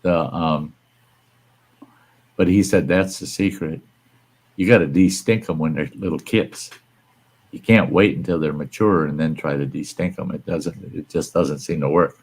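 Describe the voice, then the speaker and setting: A man's voice: rumbling low, a little slow, a little mellow, slightly rough, low-quality recording. A man hosting a live stream, chatting casually and telling rambling, folksy stories with some mild cursing. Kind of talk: casual chat.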